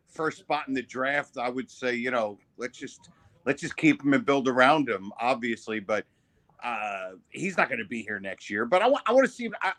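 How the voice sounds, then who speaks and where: A man's voice: medium pitch, fairly bright tone. A man from New Jersey, a guest comedian, chatting casually over a video call with many fillers. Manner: hesitant, full of fillers.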